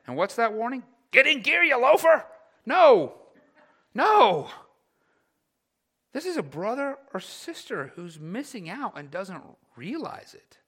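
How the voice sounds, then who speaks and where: A male pastor preaching a sermon, blunt and animated, who slips into mock voices of grumbling churchgoers. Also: high-pitched.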